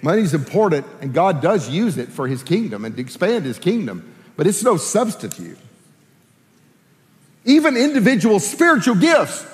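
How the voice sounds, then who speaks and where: A man preaching a sermon as pastor, lively and animated, acting out prayers in playful character voices. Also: high voice, normal speed, in a large hall.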